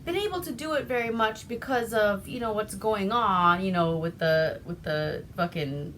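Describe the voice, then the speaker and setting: A woman voicing a male puppeteer who fancies himself a charmer, halting and hesitant. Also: medium pitch, a bit bright, a little hiss or hum, close to an everyday voice. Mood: casual. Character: smooth-talking male puppeteer, a would-be charmer.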